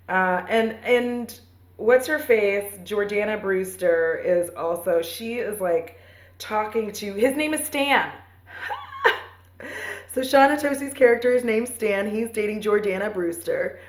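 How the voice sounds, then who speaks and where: A woman in her thirties casually retelling a movie for a podcast, rambling and profane, with playful asides and quick voices for the characters. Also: mid-range voice. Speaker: podcast host. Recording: roomy echo.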